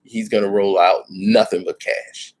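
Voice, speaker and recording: A man hosting a live stream, telling a comic story in an animated way and giving every character a voice of his own. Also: fairly low pitch, unhurried.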